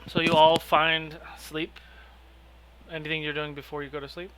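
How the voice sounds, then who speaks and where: A man running a tabletop game as game master, narrating in a loose, relaxed way with fillers. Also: a little high, normal speed, background noise.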